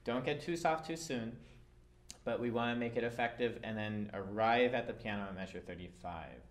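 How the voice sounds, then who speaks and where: A man's voice: mid-range voice, normal speed. A man teaching a violin part, explaining dynamics patiently with occasional fillers. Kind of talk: instrument lesson.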